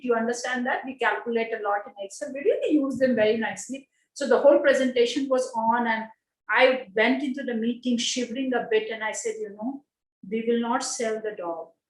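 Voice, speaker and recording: A woman with a high voice tells a personal story in simple non-native English. She acts out the voices of the people in her anecdotes. The sound is roomy and echoey. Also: fairly quick. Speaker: speaker at an online panel. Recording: echoey room.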